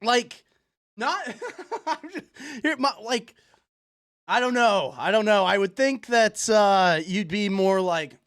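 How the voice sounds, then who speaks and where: Man, livestream host, reaction commentary, profane, incredulous, excitable. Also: sits high, slow pace, clean tone.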